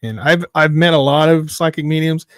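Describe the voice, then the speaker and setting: Guy guest on a podcast, kinda high voice, swears a lot, gets all worked up telling his story, dead dry mic. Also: moderate pace, dry recording. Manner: animated, emphatic, swears freely. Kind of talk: casual storytelling.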